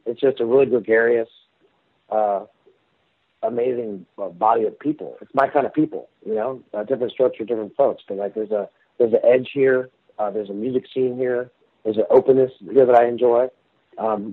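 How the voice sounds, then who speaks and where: Husky man on a tinny phone line. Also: mid-range voice, no room sound. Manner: rambling storyteller, many fillers and restarts. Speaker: rock singer, interview guest. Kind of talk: casual phone interview.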